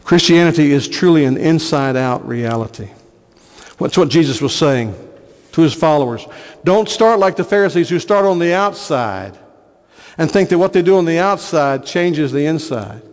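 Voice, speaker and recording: Preaching pastor in a reverberant church. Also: male voice, fairly high pitch, animated, moderate pace. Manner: earnest preaching, repeats phrases for emphasis. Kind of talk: sermon. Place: church sanctuary.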